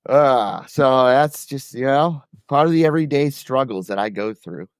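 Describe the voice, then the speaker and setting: A man's voice: mid-range voice, normal speed, clean tone, dry recording, studio quality. A man co-hosting a podcast, telling stories in a loose, rambling way with plenty of swearing. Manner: loose, profane, rambling delivery. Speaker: podcast co-host. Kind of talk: casual storytelling.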